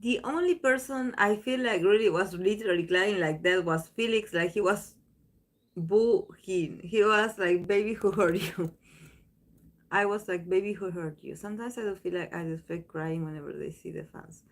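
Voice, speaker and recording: A woman's voice: mid-range voice, unhurried. A woman hosting a tarot channel, chatting casually to viewers in a rambling way, full of restarts and fillers.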